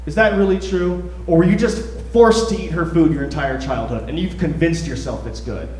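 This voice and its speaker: A man's voice: a little high, moderate pace, darkish tone. Rambling young man doing stand-up. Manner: self-deprecating, rambling, with hesitant fillers. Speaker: stand-up comedian. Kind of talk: stand-up comedy set. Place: comedy club stage. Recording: roomy club, from far off the mic.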